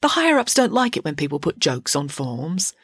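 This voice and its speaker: A woman voicing a gentle, soothing middle-aged male school counsellor who gets a bit nervous. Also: deep voice, big pitch swings, brisk, slightly rough, no room sound, studio quality, heavily acted.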